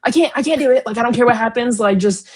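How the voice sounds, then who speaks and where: A woman's voice: a little high, fast, breathy edge, voice pushed up. A young woman putting on a whiny, overwhelmed noble mother. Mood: despairing. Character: distraught grieving noble mother.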